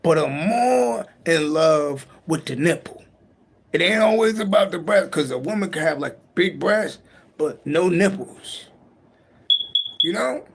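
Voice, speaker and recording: A man's voice: on the high side, lively intonation, unhurried, gravelly, a little hiss or hum. A man giving a late-night tarot reading on a livestream, talking in a loose, profane, rambling and joking way. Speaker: tarot reader on a live stream. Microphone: livestream mic.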